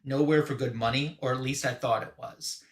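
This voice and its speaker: A man's voice: mid-range voice, fairly even intonation, moderate pace, echoey room, lightly acted. A man voicing a desperate, bitter middle-aged scientist in an aggrieved, pleading tone.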